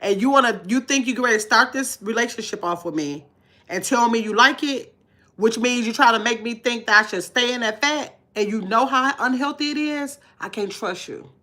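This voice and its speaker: A woman's voice: on the high side, a little fast, bright, forceful tone. A woman vlogging live to her chat in casual talk, blunt and emphatic, repeating her points.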